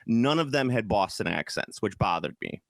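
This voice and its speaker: A man's voice: lowish voice, sing-song, moderate pace, gravelly, a bit bright, dry recording, studio quality. A man from Chicago co-hosting a podcast, chatting casually in a rambling, enthusiastic way, often trailing off and restarting. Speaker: podcast co-host. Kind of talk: casual chat.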